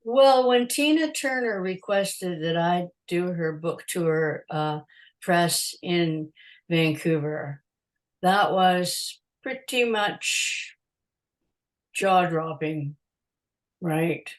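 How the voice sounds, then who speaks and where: Older woman, photographer guest, animated raconteur who acts out dialogue. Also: lowish voice, extremely slow, rough recording. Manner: animated storyteller, laughs often, acts out quotes. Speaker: podcast guest, concert photographer. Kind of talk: casual interview storytelling.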